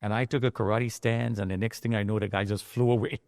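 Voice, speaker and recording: A man's voice: lowish voice, steady tone, quick pace, gravelly, darkish tone, no room sound. A middle-aged man recounting how he survived, acting out the voices of the people in his story, heard close on a studio mic. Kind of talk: emotional personal storytelling.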